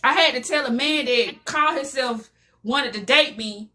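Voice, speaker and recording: A woman's voice: high voice, moderate pace, pushed and bright. A middle-aged woman telling her personal story in a motivational talk, emotional and preacher-like, repeating phrases for emphasis.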